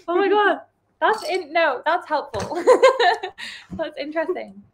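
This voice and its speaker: A woman's voice: extremely high pitch, expressive, slow pace, slight background noise. Giggly young woman from Liverpool. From Liverpool, England. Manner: giggly, chatty, answers with many "like"s. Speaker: guest. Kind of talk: casual chat. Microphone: video call.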